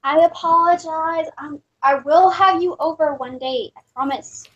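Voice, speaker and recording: A chatty woman with a high-pitched voice, joking about herself in a relaxed group chat. She talks casually to friends in an online hangout. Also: normal speed, lo-fi sound. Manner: chatty, self-deprecating, says "y'all". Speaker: hangout participant.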